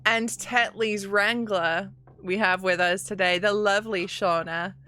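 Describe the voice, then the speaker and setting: A bubbly woman with a Yorkshire accent hosts a tabletop game stream. Her voice is bright and forward, and her pitch is mid-range. She opens the session with a playful touch. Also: fairly even intonation, unhurried. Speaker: game master.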